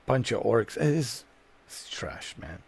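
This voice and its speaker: A gamer streamer rants through gameplay commentary, exasperated and profane, repeating his complaints again and again. His mid-range voice is sing-song and slightly rough, with vocal fry and a slow pace.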